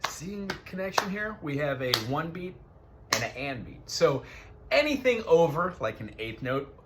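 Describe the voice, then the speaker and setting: A man's voice: fairly high pitch, big pitch swings, moderate pace, heavy background noise. A man teaching a one-on-one music lesson, explaining patiently and counting beats aloud.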